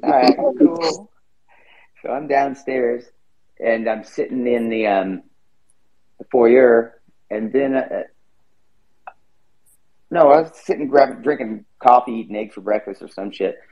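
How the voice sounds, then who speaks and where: A man's voice: medium pitch, animated, a little slow, long pauses, muffled recording. A man hosting a podcast, chatting casually and rambling, swearing freely. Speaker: podcast host. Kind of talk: casual chat.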